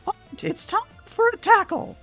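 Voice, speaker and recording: Man doing a cocky young trainer, very high squeaky voice, brash, shouty, tabletop game. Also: normal speed, no echo, faint music behind. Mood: boastful. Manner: brash, boastful calls.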